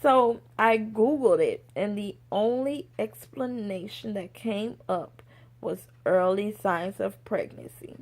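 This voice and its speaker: A young woman vlogger telling a personal story in a casual, animated way, acting out the voices of others. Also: medium pitch, slow pace. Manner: animated, acts out quoted voices.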